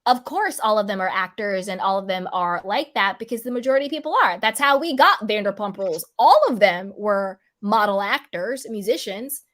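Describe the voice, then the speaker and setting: A woman's voice: mid-range voice, lively intonation, fairly quick, few pauses, a bit bright. A woman hosting a casual chat about reality TV, talking animatedly and acting out her own reactions in playful quoted voices. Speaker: host.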